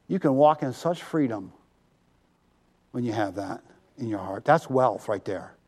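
A male pastor preaching a sermon, animated and drawing the congregation to answer back. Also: medium pitch, a little fast.

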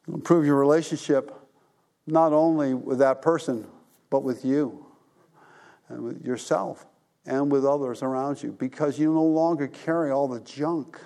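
A man's voice: medium pitch, fairly even intonation, normal speed, gravelly, mellow. A middle-aged man preaching a sermon to a congregation, talking plainly and often asking the listeners questions. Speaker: pastor.

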